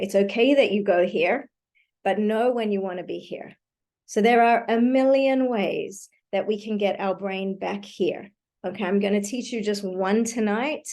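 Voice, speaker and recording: In a live online talk, a parenting educator with a mid-range voice teaches parents calming techniques, warm and reassuring, checking in often with "okay". She is heard through a computer mic on a video call.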